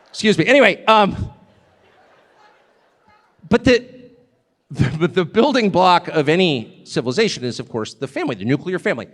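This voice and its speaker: A man's voice: high-pitched, expressive, normal speed, pauses often, long reverb tail. A man giving a live stage speech, emphatic and joking, often drifting off on digressions. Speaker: guest speaker at a live event.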